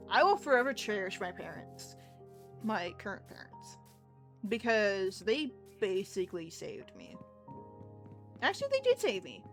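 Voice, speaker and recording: A woman's voice: medium pitch, fairly bright tone. A young woman livestreamer talking candidly in casual chat, rambling with frequent restarts.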